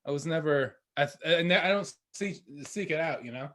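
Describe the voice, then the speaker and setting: A man's voice: on the high side, moderate pace, fairly bright tone. A man co-hosting a casual podcast chat, laid-back and teasing, mostly answering in short remarks. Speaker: podcast co-host.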